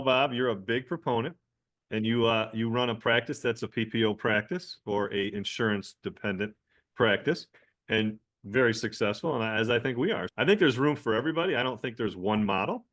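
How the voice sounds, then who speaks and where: A man hosting a casual podcast conversation, chatty and enthusiastic, often thinking out loud as he goes. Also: mid-range voice, normal speed. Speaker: podcast host and dentist.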